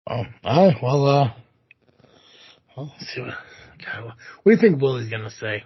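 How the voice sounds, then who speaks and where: A man hosting a podcast in relaxed, casual chat, with many filler words. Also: medium pitch, normal speed, long pauses, slightly rough, no room sound. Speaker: podcast host. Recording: dry, lo-fi.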